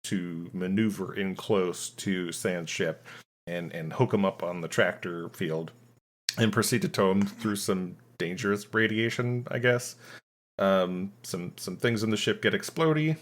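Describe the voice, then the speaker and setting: Low-voiced man, halting podcast chat. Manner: halting, full of ums and restarts. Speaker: podcast host summarizing a film. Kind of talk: casual chat.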